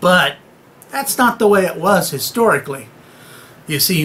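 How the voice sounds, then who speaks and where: A man spins an old myth into a bawdy comic tale, speaking straight to his listeners with an irreverent, joking edge. His pitch swoops up and down with plenty of life. He takes his time over each line, letting the jokes land slowly. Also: fairly bright tone. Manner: irreverent, jokey, talks straight to the audience; acts out voices and noises in the tale. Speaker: storyteller.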